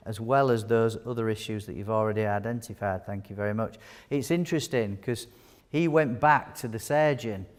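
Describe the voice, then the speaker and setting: A man giving a live wound care teaching talk, chatty and jokey, quizzing his audience. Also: mid-range voice. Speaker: wound care nurse presenter. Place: large hall with audience. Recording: long hall reverb.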